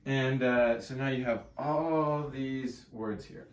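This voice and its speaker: A man's voice: mid-range voice, slow, roomy sound. A man, a self-help coach, teaching casually to camera in a room with a whiteboard, talking conversationally and emphatically and checking in with the listener often.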